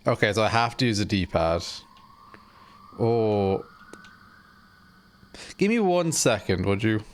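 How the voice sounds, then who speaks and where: A man's voice: on the low side, lively intonation, slow pace. A man casually chatting on a live stream while playing a game, rambling, self-deprecating and swearing offhand.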